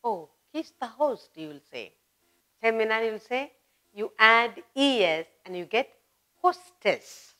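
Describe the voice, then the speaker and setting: Slow-spoken woman teaching children. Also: fairly high pitch, lively intonation, a bit bright. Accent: Indian English. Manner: slow, drawn-out, repeats words with emphasis. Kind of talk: English grammar lesson for children.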